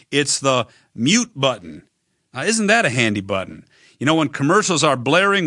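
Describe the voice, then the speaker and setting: A man delivers a sermon in a bright, clear voice, earnest and measured. He addresses the listener directly, slowing down on key phrases for emphasis. The sound is dry and close, with no room around it. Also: mid-range voice, no room sound. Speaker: preacher.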